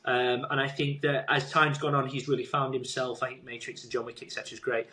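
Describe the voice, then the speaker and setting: A man's voice: mid-range voice, little pitch movement, quick pace, pushed and bright. A man with a mid-range voice joins a casual podcast as a guest. He states his views emphatically and sometimes stumbles over his words. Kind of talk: casual film review chat.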